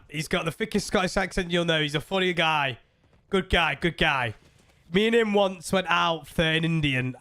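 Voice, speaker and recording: Male game streamer: high, bright voice, chatty and rambling with viewers. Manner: rambling, laughing storyteller talking to chat. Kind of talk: casual live-stream chat.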